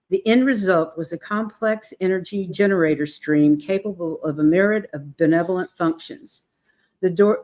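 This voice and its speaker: An older woman with a somewhat low voice reads a text aloud over a call. Her delivery is steady and measured, with only a few small restarts. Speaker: co-host reading aloud.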